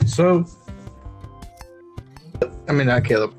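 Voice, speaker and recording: A man's voice: mid-range voice, lively intonation, slow, a little mellow, faint music behind. A young man hosting a podcast, chatting casually in a rambling way. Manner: rambling, lots of fillers. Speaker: podcast host. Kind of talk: casual chat.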